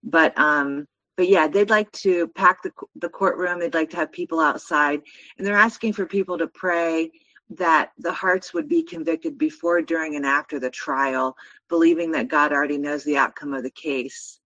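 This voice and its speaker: A woman's voice: sits low, steady tone, moderate pace, fairly bright tone, no room sound. Female panelist, hesitant and casual, on dull call audio. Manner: hesitant, filler-heavy. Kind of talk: casual announcement.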